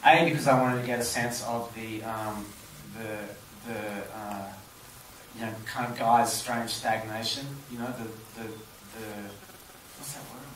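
A man's voice: medium pitch, fairly even intonation, measured pace, a bit bright, a little hiss or hum. A film director at a live audience Q&A, answering thoughtfully and searching for his words. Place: cinema auditorium. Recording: roomy hall, distant mic.

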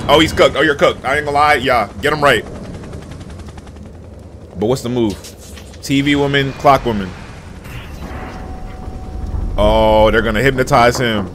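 A young man hosting a reaction video, hyped and shouting with casual slang. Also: mid-range voice, unhurried, long pauses, a little hiss or hum. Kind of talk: excited reaction commentary.

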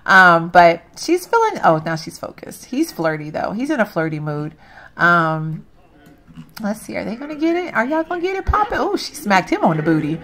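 A woman's voice: medium pitch, a bit bright. A woman hosting a let's play, chatting to her viewers as she plays and laughing at herself. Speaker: gaming channel host.

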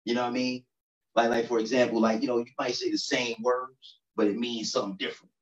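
A man's voice: mid-range voice, little pitch movement, fast, recorded from a distance. A stand-up comedian from New York City in his thirties, talking to the crowd in a loose, chatty way and often asking "you know what I'm saying.". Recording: roomy echo, dull lo-fi sound.

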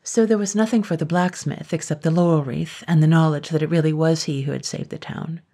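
A woman narrating a classic children's story in a calm, even storytelling manner. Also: low voice, a little fast. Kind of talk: scripted narration.

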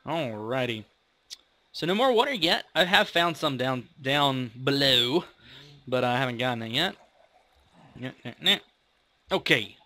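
A young man talking through a game as he plays, chatty and rambling and quick to poke fun at himself. His voice is bright and tense-edged, swinging up and down in pitch with plenty of life. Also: lively intonation. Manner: rambling, chatty, self-mocking. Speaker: gaming video host. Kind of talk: casual let's-play commentary.

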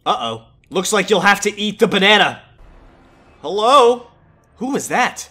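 A gaming YouTuber giving excited reaction commentary, chatty and reminiscing, bursting into shouts and exclamations. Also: mid-range voice, measured pace, breathy edge, soft background music.

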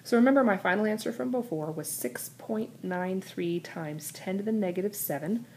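A woman teacher explaining a chemistry problem step by step, slowing down to spell out equations and numbers. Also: mid-range voice, slight background noise. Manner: steady step-by-step explaining, slows down to read out equations. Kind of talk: recorded classroom lesson.

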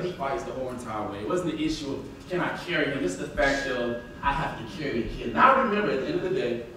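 A man with a Southern US accent, an elementary school teacher, telling a story in a lively speech and acting out the lines he quotes. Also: slight background noise. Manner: animated, acts out quotes with big pitch jumps. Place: large hall. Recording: echoey hall recording from far off.

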